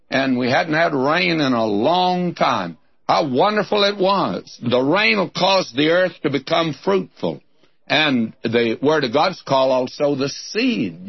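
A man's voice: on the high side, slightly rough, no echo, lo-fi sound. A man giving a folksy, direct Bible teaching to listeners he calls friends, from a tape recording.

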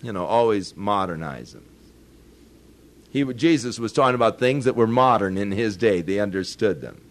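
A man's voice: fairly low pitch, lively intonation, normal speed. An older man preaching a sermon, telling folksy stories with chuckles and rising to earnest emphasis on his points. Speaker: pastor.

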